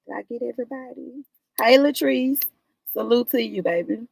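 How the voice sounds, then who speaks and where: A woman hosting a live stream, greeting viewers one by one in a casual chat, with drawn-out greetings that jump up high. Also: lively intonation, creaky, husky, no room sound. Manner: warm, drawn-out greetings with sudden high lifts.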